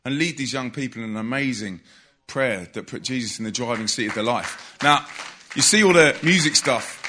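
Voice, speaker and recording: Man, youth evangelist, bright forceful voice, husky edge, energetic storytelling. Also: mid-range voice. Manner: energetic storyteller, loud bursts of emphasis. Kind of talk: preaching testimony to a live audience.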